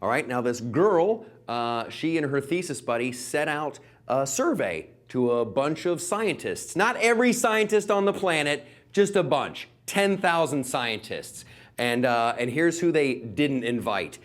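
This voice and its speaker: A man's voice: on the high side, lively intonation, a little slow. A male comedian doing a sarcastic stand-up monologue, rambling with filler words.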